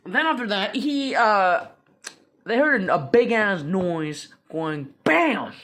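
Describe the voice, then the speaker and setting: A man's voice: high-pitched, expressive, slow pace, a bit bright. A young man casually recapping a comic book, rambling with lots of fillers, restarts and slang.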